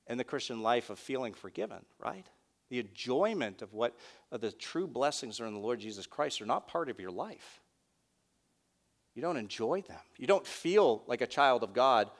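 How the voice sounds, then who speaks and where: Earnest preaching man, conversational. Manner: earnest, conversational preaching with asides and self-deprecating humor; rises in pitch and volume on key words, drops soft in prayer. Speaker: pastor. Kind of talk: sermon.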